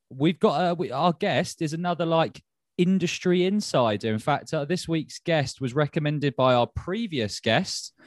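Casual guy hosting a podcast, jokey, talks in restarts, middle pitch, dry mic. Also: no room sound. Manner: chatty, jokey, rambling with restarts. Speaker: podcast host.

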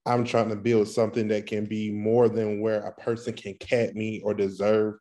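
A man's voice: lowish voice, flat delivery, moderate pace, dark tone. Earnest man co-hosting a podcast. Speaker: podcast co-host. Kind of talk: casual podcast chat.

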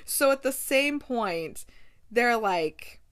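A woman hosts a casual book-chat podcast in a bubbly, gushing way. She darts into quick asides and laughs often. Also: on the high side, lively intonation, a bit bright. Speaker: podcast host.

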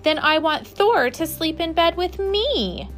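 A woman's voice: very high voice, expressive, a little slow, fairly bright tone, faint music behind, voice pushed up, exaggerated voice. A woman voicing a stubborn young boy who pleads and bargains, reading a storybook aloud. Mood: pleading.

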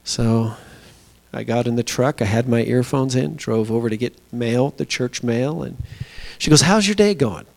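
Male pastor, mid-pitched voice, chatty storytelling sermon delivery. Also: fairly even intonation, creaky, darkish tone. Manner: storytelling, conversational with pauses and fillers. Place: small church.

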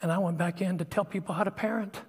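A middle-aged man preaching a sermon, telling personal stories in a confessional way that swings from hushed to loud. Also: high-pitched, steady tone, quick pace, big-room sound, slight background noise.

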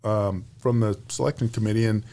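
Man, 50s, retiring general guest, easygoing storyteller, slightly low voice. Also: a little fast. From United States. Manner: relaxed, chatty, lots of fillers and restarts. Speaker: retiring Air Force general, podcast guest. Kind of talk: casual storytelling interview.

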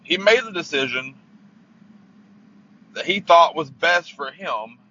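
A man's voice: a little high, lively intonation, slow pace, bright, forceful tone, highs cut off. A man hosting his own podcast, ranting angrily about sports with heavy swearing and stammering, recorded in a parked car. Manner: profane, heated, stammering. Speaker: podcast host. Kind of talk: angry sports rant.

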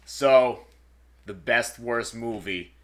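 A man's voice: mid-range voice, very slow, a bit bright. A man co-hosting a podcast in casual chat, teasing and bantering playfully. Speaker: podcast co-host.

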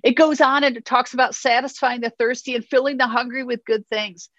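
A woman's voice: on the high side, fairly even intonation, fairly quick, a bit bright, no room sound. A woman preaching a sermon in an earnest, encouraging way, reading scripture aloud and checking in with listeners. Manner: earnest, encouraging, frequent "okay?" check-ins. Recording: slightly muffled, dry.

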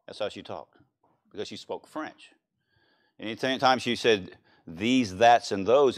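Animated Louisiana preacher quizzing his flock. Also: mid-range voice, fairly quick. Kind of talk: sermon.

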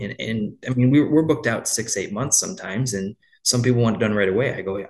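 A man with a somewhat low voice chats casually about running his landscaping business. He rambles, repeats words as he restarts, and slips into quoted dialogue as he tells his stories. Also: brisk, hardly any pauses, darkish tone. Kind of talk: casual interview talk.

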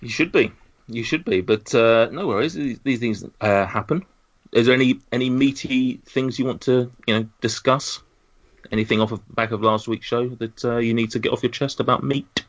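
A man's voice: mid-range voice, normal speed. A man hosting a casual podcast, giving jokey, teasing introductions of his guests. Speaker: podcast host. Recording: dull lo-fi recording.

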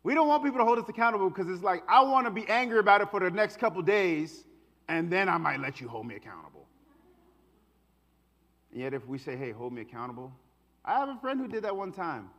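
A man preaching a conversational sermon, swinging between hushed asides and emphatic lines. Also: sits high, very animated, quick pace. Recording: long hall reverb.

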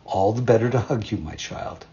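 A sly wolf purrs false kindness in a husky, breathy voice, as a male narrator puts him on. He coaxes softly and sweetly, hiding his hunger. The storybook recording sounds muffled and lo-fi. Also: on the low side, expressive, normal speed, heavily acted. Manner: feigned gentle, coaxing.

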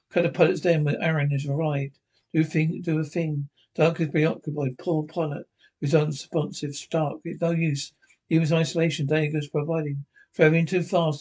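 A man reading aloud a fan-written scene description of a TV episode, halting and often stumbling and repeating words. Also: fairly high pitch, darkish tone, slightly rough. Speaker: narrator.

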